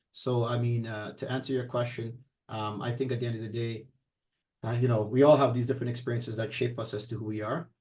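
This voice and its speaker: Middle-aged guy talking fast on a podcast, lots of um and you know, rambles on. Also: lowish voice, a little mellow. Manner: rambling, many fillers, quick and talkative. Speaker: podcast co-host. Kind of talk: casual chat.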